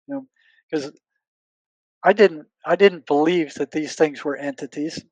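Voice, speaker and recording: Older man telling a story in a higher voice. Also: no room sound, poor audio. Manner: relives past conversations, quoting himself and others; earnest, searching, doubles back on his words. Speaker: guest, retired psychotherapist. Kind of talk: conversational storytelling.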